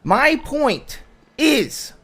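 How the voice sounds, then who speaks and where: A man's voice: very high voice, sing-song, very slow, bright, forceful tone, exaggerated voice. A man voicing a frustrated, anxious husband in a game roleplay argument, rambling and stammering as he talks in circles. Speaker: roleplay streamer. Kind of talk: heated in-character roleplay argument.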